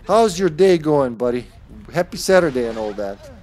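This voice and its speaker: Male streamer, slightly high voice, crude jokes, lots of laughing, casual game chat. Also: very animated, normal speed, a little mellow, a little hiss or hum. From Midwest US. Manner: joking, crude, laughs often.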